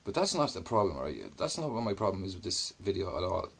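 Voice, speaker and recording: Irish male commentator with a deep, husky voice and a sarcastic edge, cursing freely. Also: very animated, fast. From Ireland. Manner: blunt, sarcastic, swears freely. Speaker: YouTube commentator. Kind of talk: commentary on a played video.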